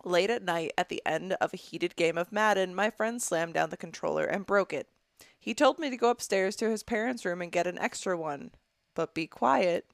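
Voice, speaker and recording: A young woman co-hosting a podcast in a studio, with a gravelly edge to her voice. She reads a letter aloud and stops often to give blunt, profane opinions of it. The sound is close and dry. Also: lowish voice, moderate pace, dry recording. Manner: blunt, profane, disgusted commentary with frequent laughs. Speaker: podcast co-host. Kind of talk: casual podcast chat, reading a listener letter aloud.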